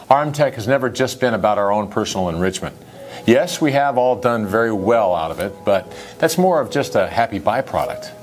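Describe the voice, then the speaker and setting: Upbeat salesy man pitching. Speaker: company founder presenter.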